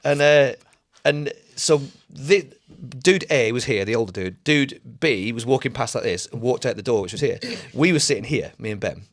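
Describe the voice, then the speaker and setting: A man in his forties chatting on a podcast, middle-pitched and easygoing. He swears freely and tells stories in a loose, rambling way, dropping into voices for the people he quotes. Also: expressive, moderate pace, no room sound. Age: 40s. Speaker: podcast co-host. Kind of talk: casual chat.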